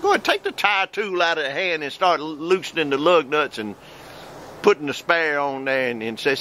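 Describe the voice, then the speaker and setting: A man preaching a video sermon outdoors in a folksy, animated way, with sudden loud outbursts. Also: a little high, fairly quick, a little hiss or hum. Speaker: preacher and host. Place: outdoors by the woods near his porch.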